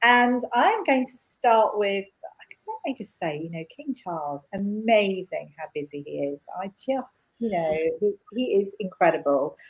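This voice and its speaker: A woman's voice: medium pitch, lively intonation, normal speed, slightly rough, rough recording. A woman presenting royal news in a chatty, enthusiastic way, speaking from a studio. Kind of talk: casual news chat.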